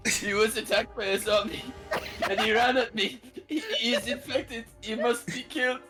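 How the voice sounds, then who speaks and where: A man's voice: very high-pitched, fairly even intonation, normal speed, over music. A man voicing an earnest male fighter who pleads that a grim duty must be done.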